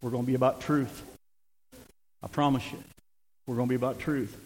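An older man preaching a sermon as pastor, swinging between emphatic shouting and hushed, conversational asides. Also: medium pitch, level tone, a little fast, big-room sound, slight background noise, poor audio.

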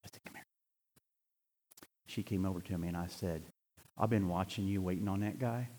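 An older man preaching a sermon in a church, swinging between impassioned near-shouts and quiet storytelling. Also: sits low, quick pace. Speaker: pastor. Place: church sanctuary. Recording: long hall reverb.

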